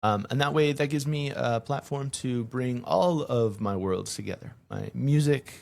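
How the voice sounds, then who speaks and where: A man hosting his own podcast, talking through a casual solo monologue with an energetic, conversational manner. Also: medium pitch, a little slow, gravelly. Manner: energetic, conversational, hype greetings. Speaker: podcast host.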